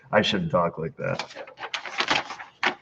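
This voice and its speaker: A man's voice: low voice, lively intonation, very slow, gravelly. Man, mechanic host, joking mail-call chat, repair shop bay, camera mic, muffled lo-fi sound. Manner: jokey, reads letters aloud with asides. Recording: dull lo-fi sound with faint noise.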